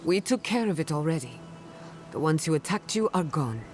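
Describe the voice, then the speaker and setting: A man's voice: a little high, lively intonation, normal speed, darkish tone, lightly acted. A man voicing a matter-of-fact game companion. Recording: game audio with music underneath.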